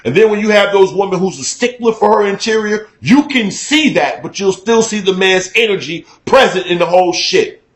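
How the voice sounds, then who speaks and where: A middle-aged man giving a candid, profane talk-show monologue, emphatic and conversational, getting loud when he is worked up. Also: high voice, expressive, normal speed, echoey room, poor audio. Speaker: radio talk show host.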